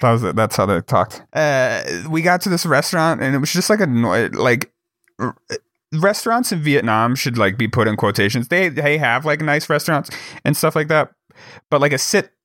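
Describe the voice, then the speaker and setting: A man's voice: mid-range voice, lively intonation, moderate pace, a bit bright, dry recording, clean studio sound. A young man from Wyoming, co-hosting a podcast and telling stories in casual chat, rambling with many fillers and restarts. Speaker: podcast co-host.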